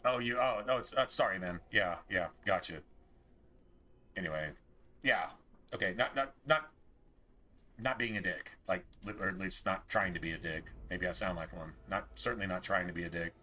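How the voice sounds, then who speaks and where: A man's voice: sits low, normal speed, pushed and bright. A man streaming a game, rambling casually with a lot of swearing and exasperation. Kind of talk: casual gameplay commentary.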